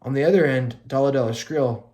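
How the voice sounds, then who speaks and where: A man's voice: mid-range voice, brisk, mellow. A young man hosting a casual fantasy hockey recap podcast, loose and profane, rambling through scores and breaking into mock rants.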